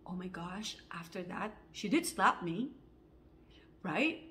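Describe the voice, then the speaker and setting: Woman, casual storytelling, animated, lots of fillers. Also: on the low side, takes it slowly, a little hiss or hum. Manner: animated, acts out quotes with many fillers. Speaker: actor auditioning.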